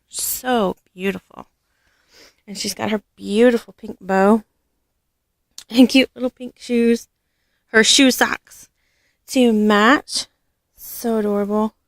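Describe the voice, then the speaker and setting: A woman showing off her doll collection in a casual vlog, gushing and affectionate, with frequent soft laughs. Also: medium pitch, no echo, clean studio sound. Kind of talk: casual show-and-tell vlog.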